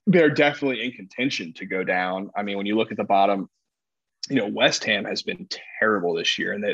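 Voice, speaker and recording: A man's voice: on the low side, fairly bright tone, no echo, highs cut off. A man co-hosting a casual sports talk show, rambling through his points with lots of fillers and restarts. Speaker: podcast co-host, soccer analyst.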